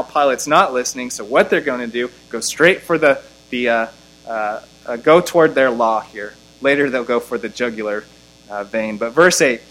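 A man's voice: a bit bright, poor audio. A man preaching an expository sermon, reading scripture aloud and pressing his points with rising force. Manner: emphatic, rising in pitch and volume on key lines, slowing to stress scripture.

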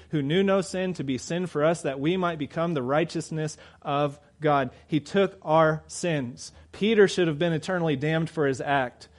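A man preaching a sermon, moving from quiet reflection to loud, fervent emphasis. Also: on the high side.

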